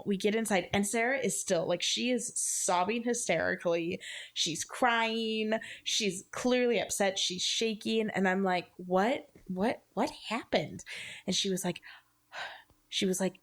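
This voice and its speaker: A woman in her thirties, a podcast co-host, telling a personal ghost story in casual chat, animated and full of filler words. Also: mid-range voice, a little slow.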